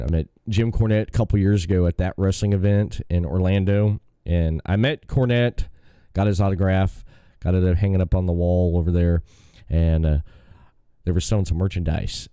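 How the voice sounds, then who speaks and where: Brief: a deep, dark-toned male host chatting casually on a podcast, dry close sound. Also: clean tone, no room sound. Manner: rambling, enthusiastic storytelling. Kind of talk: casual chat.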